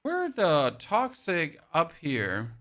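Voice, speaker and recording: A man's voice: a little high, wildly swooping pitch, very slow, fairly bright tone. A man with a German accent giving chatty, self-mocking commentary while streaming a game. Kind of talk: casual gameplay commentary.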